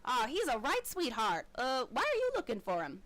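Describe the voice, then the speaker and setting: A woman's voice: high-pitched, huge pitch swings, normal speed, fairly bright tone, exaggerated voice. A woman voicing a bored, gloomy female halfling who runs a game booth, talking in a hesitant, wheedling way. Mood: delighted. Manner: sighing, hesitant, then gushing and wheedling.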